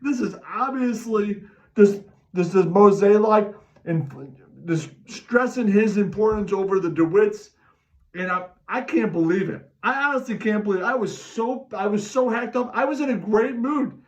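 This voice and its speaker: Man, middle-aged, fan-rant host: very high voice, animated, third person, distant dull recording. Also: measured pace. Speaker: podcast host ranting as a sports fan. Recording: distant mic, dull lo-fi sound.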